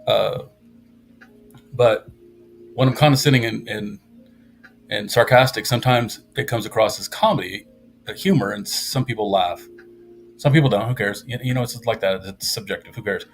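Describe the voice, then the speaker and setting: A man's voice: fairly low pitch, moderate pace, vocal fry, pauses often, soft background music. A man chatting casually on a live stream in a rambling, sarcastic and self-mocking way.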